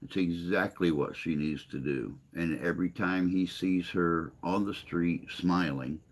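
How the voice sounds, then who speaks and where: A man hosting a casual livestream chat, answering viewer comments in a rambling, hesitant way with long pauses. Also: deep voice. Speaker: livestream host.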